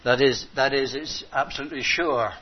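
A man preaching a sermon, halting and repeating himself, swinging from hushed to impassioned. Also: mid-range voice, steady tone, breathy edge. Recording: dull lo-fi recording.

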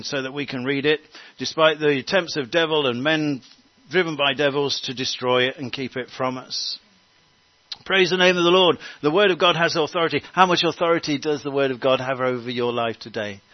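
Earnest male preacher, slightly high voice, close and dry, a bit dull in sound. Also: dry recording. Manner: earnest preaching with fillers and restarts. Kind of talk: sermon.

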